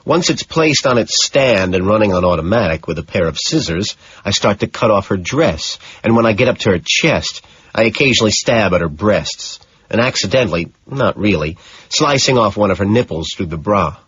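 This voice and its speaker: A man reading an audiobook in scripted narration, slow and matter-of-fact. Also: lowish voice, lively intonation, a bit bright, husky, muffled recording.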